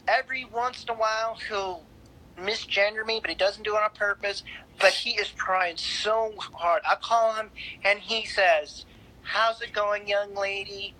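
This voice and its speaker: A woman's voice: mid-range voice, steady tone, measured pace, pushed and bright, slight background noise, rough recording. A woman guest in a casual interview, speaking candidly and bluntly with frequent laughs.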